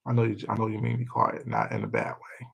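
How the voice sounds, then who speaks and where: Gravelly man chatting loosely with viewers. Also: fairly low pitch, very animated, quick pace, poor audio. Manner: rambling, laughing, swears freely. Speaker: livestreamer. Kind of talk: casual chat with viewers.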